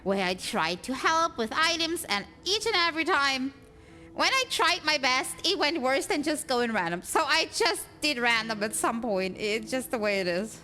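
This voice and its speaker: A woman chats casually while streaming a game, rambling through her thoughts with fillers and little laughs. Her voice is bright and sits a little high. Faint game music plays underneath. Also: big pitch swings, moderate pace. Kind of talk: casual livestream chat.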